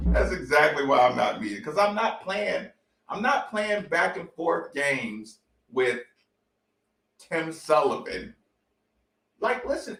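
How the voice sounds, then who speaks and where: A man's voice: very high-pitched, far from the mic. A man hosting a sports talk show, ranting in a fired-up, profane, repetitive way. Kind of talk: heated sports talk rant. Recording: echoey room, voice off-mic.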